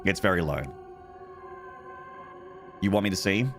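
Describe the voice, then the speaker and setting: A man's voice: low voice, measured pace, faint music behind. A young man with a mixed Australian accent, chatting and joking with viewers on a gaming stream. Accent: Australian, with some American. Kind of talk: casual live-stream chat.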